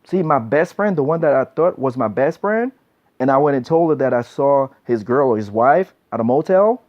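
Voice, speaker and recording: A man's voice: mid-range voice, lively intonation, moderate pace. A man giving blunt relationship advice in a casual monologue, preachy and repetitive, often tagging lines with "man". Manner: blunt, preachy, repeats himself, says "man" a lot. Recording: dull lo-fi recording.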